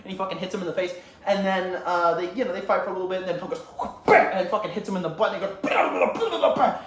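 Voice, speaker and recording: A man's voice: high voice, little pitch movement, rapid-fire. A young man who rambles and swears a lot as he retells a movie scene in a casual, comic way. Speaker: YouTuber. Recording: roomy echo, faint ambient noise.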